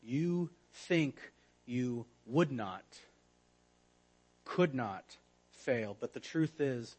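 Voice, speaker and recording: A man's voice: medium pitch, lively intonation, very slow, long pauses, husky, rough recording. Earnest man preaching a sermon. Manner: earnest, drops to a hushed voice for emphasis. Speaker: pastor.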